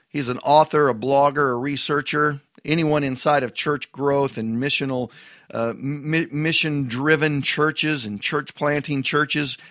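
A man's voice: medium pitch, a bit bright, no room sound. A man, a pastor, reviews a book in a loose spoken style. He stumbles and repeats words, then pushes hard on emphatic asides. His voice sits in a middle range and sounds dry and close.

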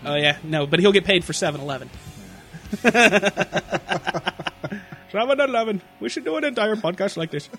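High pitched guy cussing and joking around on a podcast, bit of music in back. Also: animated, normal speed, long pauses, fairly bright tone. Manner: profane, mocking, loose and joking. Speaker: podcast co-host. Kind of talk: crude comedic podcast banter.

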